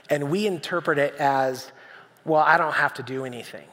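A man's voice: on the high side, moderate pace, bright, forceful tone. A man preaching a sermon on a church stage, conversational and storytelling, acting out voices with humor. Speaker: pastor. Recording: long reverb of a church hall.

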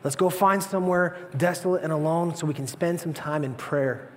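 A man voicing a gentle, calm Jesus in a soft, hushed, reassuring way. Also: on the high side, moderate pace, in a large hall, lightly acted.

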